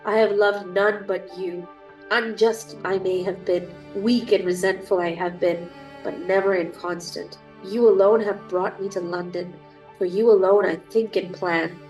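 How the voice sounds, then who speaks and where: A woman's voice: mid-range voice, fairly even intonation, a little slow, darkish tone, soft background music, poor audio. A young woman with a cold, streaming a dating sim and reading its text aloud with chatty, gushing asides. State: has a cold. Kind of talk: reading game text aloud with casual commentary.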